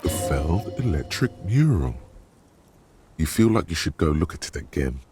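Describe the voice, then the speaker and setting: An actor voicing a sardonic male inner voice that narrates a game in a dry, mocking way, with a gravelly tone. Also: very deep voice, big pitch swings, normal speed, music in the background.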